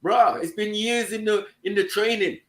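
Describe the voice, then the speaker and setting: A man's voice: high voice, moderate pace, over a noisy crowd. A young man, chatting casually on a live panel and telling stories in slang, acting out the people he quotes. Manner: relaxed storyteller, slangy, acts out quoted voices.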